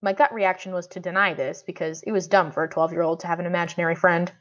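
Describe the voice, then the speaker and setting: A woman reading a children's storybook aloud, narrating in first person with expressive delivery. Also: lowish voice, fast talker. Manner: expressive, voicing a frustrated boy in first person. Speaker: audiobook reader. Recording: dull lo-fi audio.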